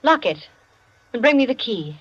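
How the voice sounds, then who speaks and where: A stern, commanding rich hostess. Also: female voice, on the high side, big pitch swings, moderate pace, a bit bright. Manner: firm, clipped commands. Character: wealthy hostess, commanding and resolute. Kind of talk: 1940s radio drama acting. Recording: muffled lo-fi old radio broadcast.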